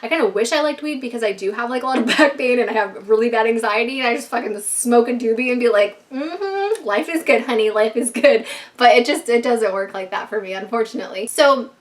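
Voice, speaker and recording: A young woman telling a casual storytime to camera, animated and profane, laughing often. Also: fairly high pitch, quick pace, few pauses. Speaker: vlogger.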